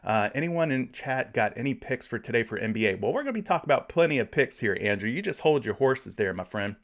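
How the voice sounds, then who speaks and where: A man's voice: mid-range voice, lively intonation, quick pace. A man in his thirties from Florida, hosting a casual sports betting livestream and chatting through viewer comments. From Florida, USA. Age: 30s. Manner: reads viewer comments aloud, friendly and chatty.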